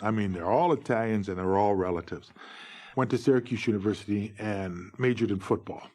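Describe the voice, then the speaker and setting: A middle-aged man from New York State, a former umpire, tells his own stories in a lively anecdotal way, acting out the dialogue. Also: fairly quick, faint music behind. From New York State, USA. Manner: animated, acts out dialogue with big pitch jumps. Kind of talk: anecdotal storytelling.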